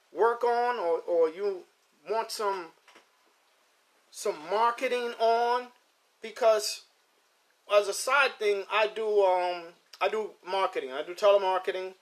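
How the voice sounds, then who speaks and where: High-pitched middle-aged guy hosting a pigeon stream, rambly, repeats himself a lot. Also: a bit bright. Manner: rambling, repeats words, chats with viewers. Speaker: host of a pigeon racing show. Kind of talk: casual live-stream chat. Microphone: phone or computer mic.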